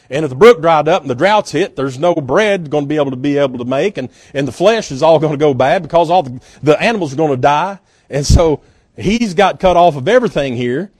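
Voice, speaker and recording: A man preaching in a homey, storytelling way, his voice sitting a bit high for a man. He moves from emphatic peaks down to quiet, slowed asides. The sound is close and dry, with no room echo. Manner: folksy, conversational preaching with chuckles; swings between emphatic rises and quiet, drawn-out asides. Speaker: guest pastor. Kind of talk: sermon.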